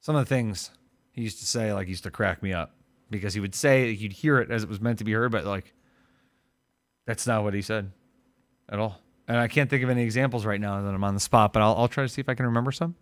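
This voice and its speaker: A man's voice: on the low side, fast talker, no echo. A man from Ohio co-hosting a casual live-stream chat, joking and riffing with his co-host. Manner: joking, riffs into loud impressions.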